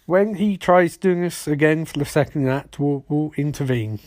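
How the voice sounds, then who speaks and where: A man's voice: a little high, normal speed, darkish tone, no room sound, clean studio sound. A man giving a rambling, sarcastic, profane comedic episode recap.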